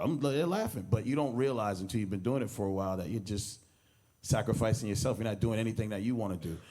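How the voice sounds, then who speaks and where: A man, a comedian, speaking informally at a memorial service, rambling through stories, acting out quoted lines and laughing as he talks. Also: mid-range voice. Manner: rambling storyteller who acts out quoted lines and laughs as he goes. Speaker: comedian giving a eulogy. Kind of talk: informal anecdotal speech at a memorial.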